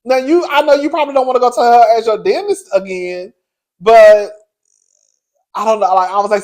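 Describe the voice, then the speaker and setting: A man giving casual commentary on a reality show, sassy and frank, laughing often, with big swoops in pitch. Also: fairly quick, darkish tone. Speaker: reality TV reviewer.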